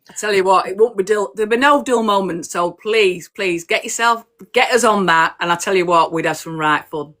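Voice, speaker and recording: A woman's voice: mid-range voice, fairly quick, few pauses, fairly bright tone. A woman as a guest on a live-stream chat, talking in a blunt, down-to-earth way. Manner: blunt, down-to-earth and plain-spoken. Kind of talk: casual chat. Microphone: video call on live stream.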